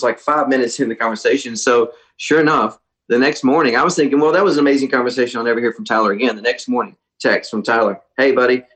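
A man, a musician guest, telling a lively story in a casual interview, often mimicking others. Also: mid-range voice, low-quality recording.

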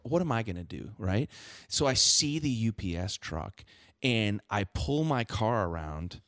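A middle-aged man, a singer guest on a podcast, telling a story in a lively, jokey way. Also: fairly low pitch, measured pace. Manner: lively, jokey, acts out quoted voices. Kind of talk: casual podcast chat, animated storytelling.

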